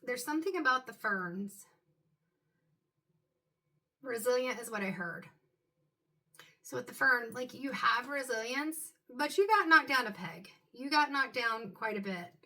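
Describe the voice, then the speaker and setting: Woman giving a bright, musing tarot reading. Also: a little high, expressive, measured pace, pauses often. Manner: musing, loose, with frequent "um" and "like". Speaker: tarot card reader. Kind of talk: intuitive tarot reading addressed to viewers.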